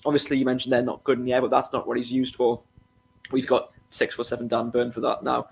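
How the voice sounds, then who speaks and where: A man's voice: medium pitch, completely flat delivery, fast, gravelly, slight background noise. A man co-hosting a casual football podcast, hedging his opinions and restarting his sentences often. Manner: hedging, repeats himself, many restarts. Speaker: podcast co-host.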